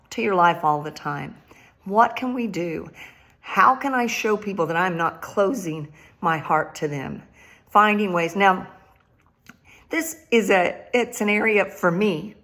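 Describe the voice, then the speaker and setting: A woman's voice: mid-range voice, a bit bright. An older woman and grandmother giving a casual devotional talk, laughing often and repeating phrases for emphasis. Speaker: Christian speaker.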